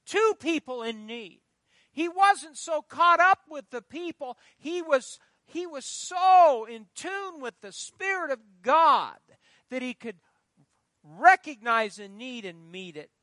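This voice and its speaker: A man's voice: very high voice, expressive, slow, pushed and bright, dry recording. A middle-aged male pastor preaching a sermon with emphasis, prompting the congregation to call out the missing words. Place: church.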